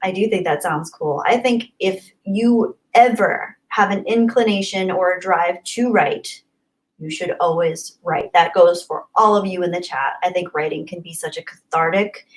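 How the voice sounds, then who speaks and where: A woman's voice: fairly low pitch, moderate pace, poor audio. A young woman hosting a livestream, reading chat messages in a bubbly, effusive way and often laughing. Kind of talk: casual live-stream chat.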